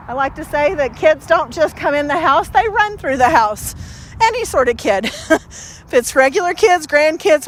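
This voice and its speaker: Her voice sits high as this female dog trainer runs an informal demo. She talks loosely, filling gaps with fillers, and interrupts herself with brief, upbeat words of praise for the dog.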